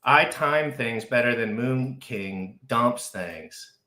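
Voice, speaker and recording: A man hosting a live crypto stream, talking frantically, overexcited, with shouts and repeated phrases. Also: mid-range voice, animated, slow pace, reverberant. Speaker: crypto livestream host. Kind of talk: excitable live stream chat.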